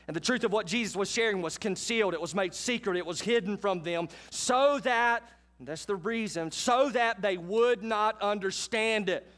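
A man, preaching a sermon in a church with animated, folksy asides to his congregation. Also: high voice, moderate pace. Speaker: pastor. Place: church sanctuary.

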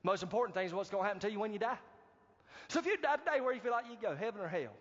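A man preaching a sermon as pastor, animated and calling out to the congregation for responses. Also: high voice, very fast. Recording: dull, reverberant hall recording.

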